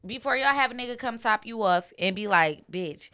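A woman with a high, bright voice tells raunchy stories loud and fast, acting out every person in them. She sounds fired up and playful, not holding anything back. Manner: loud, animated, acts out voices in her stories. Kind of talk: raunchy casual storytelling.

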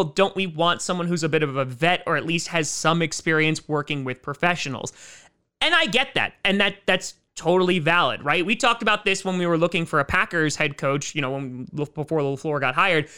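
A man's voice: sits high, pushed and bright, clean tone. A man hosting casual fan commentary on football, chatty and opinionated. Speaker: sports commentary host.

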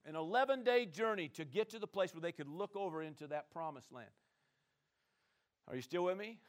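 Man, high voice, sermon, call-and-response, loud then soft. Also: animated, a little fast. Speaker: pastor.

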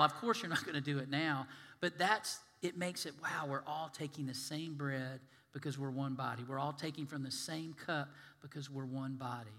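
A man's voice: a little high, sharp tone. A man preaching a sermon as pastor, folksy and conversational, acting out the voices he quotes. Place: church sanctuary. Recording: long reverb of a large hall.

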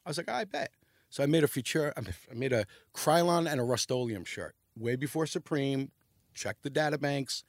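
A man's voice: medium pitch, fairly quick, no echo, clean studio sound. A middle-aged man, telling rambling, profane stories as a podcast guest. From New York. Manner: animated, profane, rambling storytelling. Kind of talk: casual storytelling chat.

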